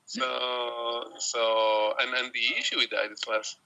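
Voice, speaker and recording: A man guest in a casual chat, explaining things in a measured way. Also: mid-range voice, flat delivery, creaky, sharp tone, no echo, dull audio.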